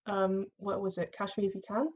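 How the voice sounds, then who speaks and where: A woman co-hosting a casual fan podcast, talking in an animated way with frequent laughs and fillers. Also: mid-range voice, a little fast. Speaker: podcast co-host. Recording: muffled lo-fi sound.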